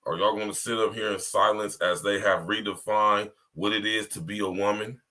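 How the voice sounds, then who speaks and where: Man, very deep voice, bright forceful edge, podcast host, rambling emphatic monologue, keeps checking the audience. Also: fairly even intonation, moderate pace. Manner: direct address to listeners, repetitive. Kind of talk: casual livestream monologue.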